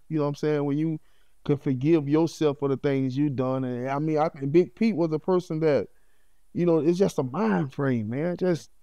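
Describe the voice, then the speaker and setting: Animated man telling his story on a podcast. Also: a little high, clean tone, no room sound, clean studio sound. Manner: animated, peppered with "you know what I'm saying". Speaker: podcast guest. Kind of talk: heartfelt conversational storytelling.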